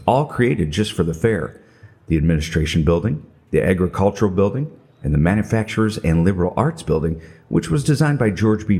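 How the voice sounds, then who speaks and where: Deep-voiced wry middle-aged male narrator. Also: a little mellow. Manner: wry, self-mocking storytelling. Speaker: podcast narrator. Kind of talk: scripted comedic narration.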